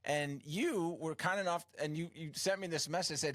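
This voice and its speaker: A man's voice: a little high, normal speed, a bit bright, dry recording. A man hosting a casual comedy interview show, rambling with frequent restarts and self-deprecating jokes. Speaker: host.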